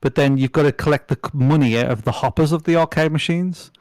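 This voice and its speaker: A man's voice: fairly high pitch, quick pace, a little mellow, dry recording. A man chatting casually as a podcast guest, rambling with lots of fillers, restarts and swearing. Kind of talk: casual chat.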